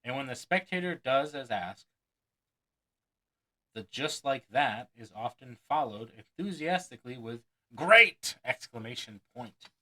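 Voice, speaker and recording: Male magician, bright tone, reading a book aloud with chatty asides and chuckles. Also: mid-range voice, animated, measured pace, rough recording. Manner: chuckles often, breaks off to add his own asides; acts out quoted lines with mock enthusiasm.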